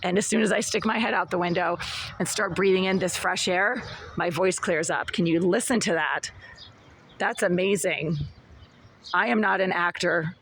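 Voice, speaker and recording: A hoarse woman with a raspy, cracking voice, insistently complaining in a self-filmed video from her small apartment. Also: fairly low pitch, normal speed, fairly bright tone, a little hiss or hum. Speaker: tenant filming a complaint video. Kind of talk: agitated self-filmed vlog. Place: small apartment, near a window.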